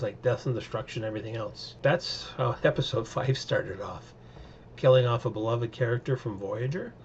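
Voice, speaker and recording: A man's voice: fairly low pitch, gravelly, a little mellow, muffled recording, slight background noise. A man giving a casual, opinionated recap and review of TV episodes, rambling with many fillers. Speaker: show reviewer.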